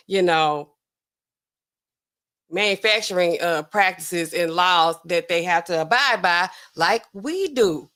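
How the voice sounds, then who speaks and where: A woman pharmacist hosting a casual true-crime livestream, chatting straight to her viewers with big swings of pitch. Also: a bit bright. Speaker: pharmacist host.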